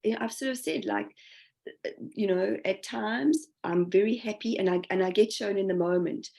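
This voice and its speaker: Gravelly-voiced woman guest medium. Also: medium pitch, normal speed, a little mellow. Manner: reflective, full of fillers and quoted self-talk. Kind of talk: casual interview conversation.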